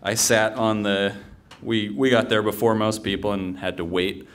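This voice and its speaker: A man's voice: fairly low pitch, steady tone, normal speed, a bit bright. A man telling a humorous personal story live on stage, in a conversational way with fillers and restarts.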